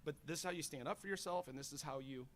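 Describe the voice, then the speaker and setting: A middle-aged college teacher, a guest on a radio show, chatting casually and telling animated stories with many fillers. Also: male voice, on the high side, fast talker. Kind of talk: casual radio interview chat.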